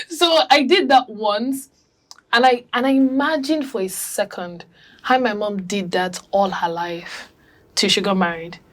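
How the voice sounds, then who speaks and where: A woman on a discussion panel, telling animated stories and acting out quotes from family. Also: medium pitch, unhurried. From Africa. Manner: animated storytelling, acts out quotes. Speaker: panel guest.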